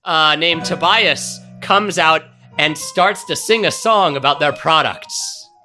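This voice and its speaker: A man narrating a scene excitedly during a live improv comedy show. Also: a little high, slow, soft background music. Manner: excited, lively storytelling.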